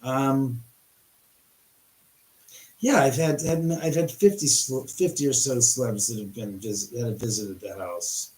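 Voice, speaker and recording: A man hosting a livestream from his house, rambling and excitable with many restarts and some swearing. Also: medium pitch, a little slow, roomy sound, rough recording. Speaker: livestream host. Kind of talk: live-stream storytelling.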